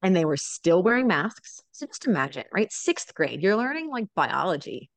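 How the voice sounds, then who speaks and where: A woman's voice: on the low side, normal speed, no echo. A woman in her thirties, a mother of four, telling family stories in a casual interview and often checking in with "right?". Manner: animated storyteller, often adds "right?". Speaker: guest, mother of four living abroad.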